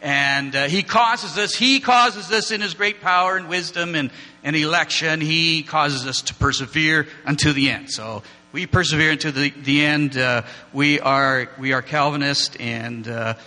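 A man leads an informal church lesson from slides, wandering into asides and light jokes with the group. His voice is a touch high for a man and cuts through crisply. A long hall reverb and a low electrical hum sit behind him. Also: unhurried, bright, forceful tone. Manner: chatty, digressive, joking asides with the class. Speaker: church teacher. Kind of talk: informal classroom lecture with slides.

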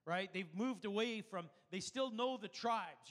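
High-voiced man preaching in a reverberant hall. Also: a little slow, a bit bright. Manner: conversational teaching with frequent restarts. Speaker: pastor. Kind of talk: sermon.

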